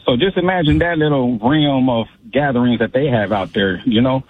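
Caller, ex-club DJ, husky voice, phone-line sound, rambling. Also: male voice, medium pitch, normal speed, no room sound. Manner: rambling, streetwise storytelling. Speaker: radio caller, former club DJ. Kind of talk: casual call-in chat. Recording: tinny phone line, dry.

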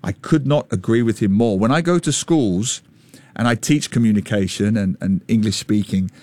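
A man co-hosting a radio talk show, speaking in an animated, opinionated way and sometimes mimicking voices in his stories. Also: lowish voice, normal speed, no room sound. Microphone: studio microphone.

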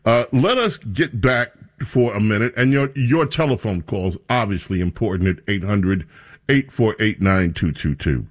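Low-voiced guy hosting talk radio, loose and chatty, sarcastic streak. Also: lively intonation, moderate pace. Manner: sarcastic, mocking reporters in a raised voice. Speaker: radio talk show host.

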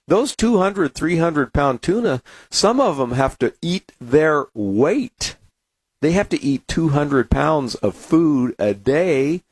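A man's voice: medium pitch, breathy edge, no room sound. An American man from San Diego, talking casually to the camera as a market commentator and telling rambling stories full of "uh"s. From San Diego, USA. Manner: rambling, anecdotal storyteller with many fillers.

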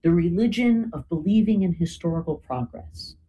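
Woman talking history, lots of "you know" and "right?", warm low voice. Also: animated, normal speed, poor audio. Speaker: guest speaker. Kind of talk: explanatory talk.

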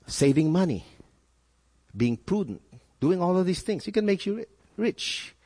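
A man preaching a sermon in a lively, swooping voice that sits a little high for a man. He jumps up sharply in pitch and stumbles over repeated words as he presses his point. His voice rings out with a long reverb, like a large hall. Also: unhurried. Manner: animated preaching with sudden rises and repeated words. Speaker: pastor.

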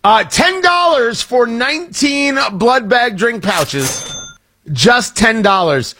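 Male radio host, higher voice, lively swings, playful riffing. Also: takes it slowly, a little hiss or hum. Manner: joking, animated, self-interrupting. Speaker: radio talk show host. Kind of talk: casual radio chat.

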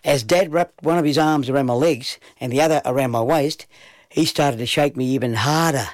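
A man telling a children's story in an unhurried storytelling manner. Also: mid-range voice, dry recording.

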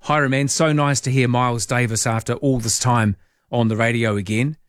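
A man's voice: mid-range voice, steady tone, normal speed, no room sound. Male talk radio host, Italian accent, wry and dry, close studio mic with no room sound. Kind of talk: late-night talk radio, reading listener texts. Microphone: studio microphone.

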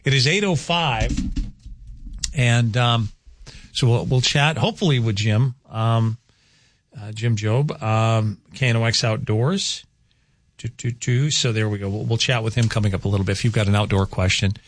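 A man from North Dakota hosts a morning radio show, his voice lowish and steady at a moderate pace. He's chatty and rambling, full of filler words and offhand jokes, speaking into a studio microphone.

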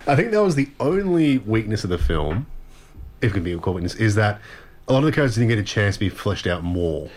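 A man chatting quickly and eagerly about films. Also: lowish voice, big pitch swings, darkish tone. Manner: quick and enthusiastic. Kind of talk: casual chat about films.

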